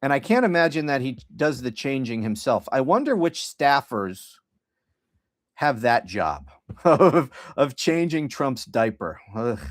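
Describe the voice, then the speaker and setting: A man's voice: mid-range voice, sing-song, unhurried, no echo, studio quality. Profane, rambling middle-aged man on a livestream. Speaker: podcast host. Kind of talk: casual livestream monologue.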